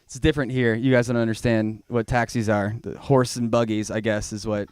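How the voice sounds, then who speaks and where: A young man doing a stand-up comedy set in a small comedy bar, telling a rambling, self-mocking story and now and then breaking into loud, high-pitched shouting. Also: little pitch movement, a little fast, smooth, dry recording.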